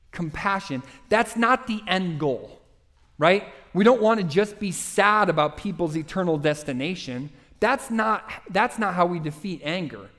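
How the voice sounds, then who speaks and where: A middle-aged pastor preaches to his congregation, his fairly high voice urging and earnest. He climbs sharply in pitch on key points, then drops to near-quiet asides. The delivery stays direct and pleading. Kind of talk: sermon.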